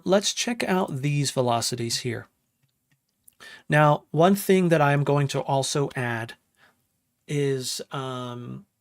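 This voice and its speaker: Man, casual streamer, mid-pitched voice, hums riffs out loud, home studio. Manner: talks while working, hums riffs aloud, greets chat. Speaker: music producer streaming a session. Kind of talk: casual live-stream walkthrough.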